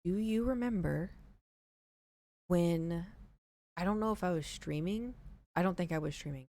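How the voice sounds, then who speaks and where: A woman's voice: lowish voice, a little slow, no room sound. Chatty young woman streamer. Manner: chatty, lots of "like" and retold dialogue; drops to a hushed voice. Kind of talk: casual storytelling to chat. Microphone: headset, later taken off.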